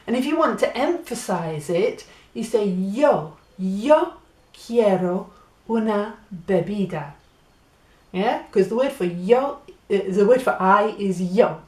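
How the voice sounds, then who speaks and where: British lady teaching words super slow, repeats and spells stuff, roomy echo. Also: mid-range voice, animated, darkish tone. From Great Britain. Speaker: Spanish teacher. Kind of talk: spoken language lesson.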